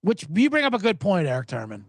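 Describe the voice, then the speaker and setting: A man's voice: high-pitched, huge pitch swings, fast talker, no room sound. A man hosting a sports betting podcast, ranting sarcastically with profanity and mocking voices. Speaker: podcast host.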